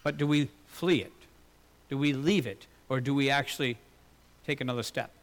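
A man preaching a sermon in an earnest way, asking rhetorical questions, swelling louder and then dropping low. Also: normal speed. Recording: long hall reverb.

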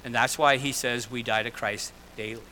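Bright-voiced male preacher, dynamic delivery. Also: medium pitch, fairly even intonation, moderate pace, slight background noise, rough recording. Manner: loud and soft by turns, paraphrasing scripture conversationally. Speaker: pastor. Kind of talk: sermon.

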